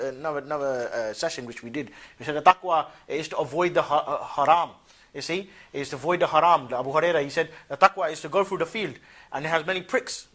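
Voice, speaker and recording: Slangy, higher-voiced man lecturing. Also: fairly bright tone. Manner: conversational, colloquial, keeps asking "yeah?"; mocking asides with short laughs. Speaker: religious lecturer. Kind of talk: religious lecture to a class.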